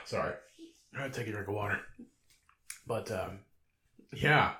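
A man's voice: on the low side, unhurried, a bit bright. A man in his thirties hosting a solo podcast, laid-back and rambling, swearing constantly and laughing often. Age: 30s. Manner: talks in a rambling, conversational way. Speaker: podcast host.

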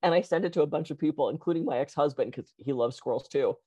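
Lively woman co-host, dry close sound. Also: sits low, quick pace, breathy edge, dry recording, lo-fi sound. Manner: animated, laughing, bouncy storyteller. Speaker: podcast co-host. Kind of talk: casual chat.

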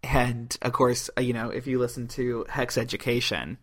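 A man from Ohio hosts a podcast in casual conversation. His voice sits at an ordinary middle pitch. He jokes, hesitates with frequent "um"s and slides into promoting his own work. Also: fairly even intonation, moderate pace. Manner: loose, joking, many "um"s. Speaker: podcast host. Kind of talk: casual chat and plugs.

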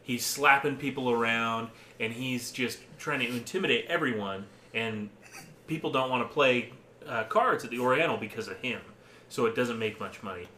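Guy retelling movie scenes, laughs a lot, bright voice, echoey room. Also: medium pitch, normal speed, slight background noise. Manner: animated storyteller, laughs often, acts out movie quotes. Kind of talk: casual chat.

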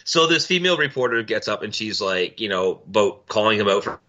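A man's voice: expressive, fairly quick. Blunt, profane man on a dull recording. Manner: blunt, profane storytelling, mimics people in loud high voices. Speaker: podcast co-host. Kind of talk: casual chat. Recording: dull lo-fi audio.

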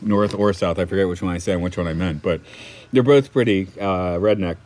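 A man's voice: sits low, a little fast, darkish tone. A man from Atlanta, co-hosting a podcast in casual chat, rambling and correcting himself as he tells stories. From Atlanta, United States. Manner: rambling, self-correcting storyteller. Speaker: podcast co-host.

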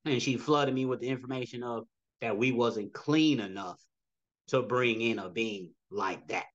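A man's voice: medium pitch, a little slow, muffled recording. A man telling a personal story as a podcast guest, rambling and acting out dialogue with frequent "you know" asides.

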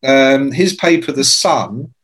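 A man's voice: mid-range voice, takes it slowly, breathy edge. A man in his sixties telling rambling, sweary anecdotes in casual conversation and acting out the people he quotes. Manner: animated, sweary, acts out quoted voices. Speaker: guest. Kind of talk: casual storytelling.

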